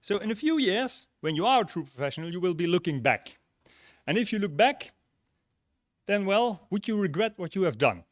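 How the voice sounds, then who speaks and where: A man giving a relaxed graduation speech and telling jokes and a story. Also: high voice, normal speed, dry recording, clean studio sound. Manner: relaxed, tells jokes and stories. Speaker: graduation speaker. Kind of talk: ceremonial speech.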